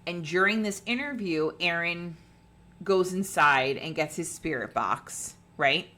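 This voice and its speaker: A woman with a low voice co-hosts a podcast in easy, casual chat. She retells a ghost-hunting show with plenty of swearing and acts out what the people in it said. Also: expressive, measured pace, pushed and bright. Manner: chatty, swearing, acting out quotes. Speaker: podcast co-host.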